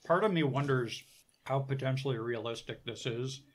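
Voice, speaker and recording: A man's voice: medium pitch, normal speed, slight background noise. A man co-hosting a podcast who makes dry, sarcastic remarks in casual banter. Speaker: podcast co-host.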